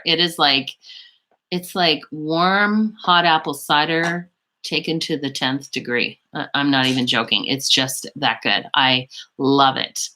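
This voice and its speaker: Chatty woman, low and bright. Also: takes it slowly. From Canada. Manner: chatty, rambling, reads out and answers viewers' chat messages. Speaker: beauty vlogger hosting a live stream. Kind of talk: casual live-stream chat.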